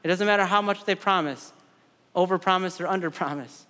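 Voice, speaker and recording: A man's voice: high voice, brisk, pushed and bright, smooth, long reverb tail. A man in his thirties preaching a sermon in a conversational way, repeating words and adding side stories. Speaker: pastor.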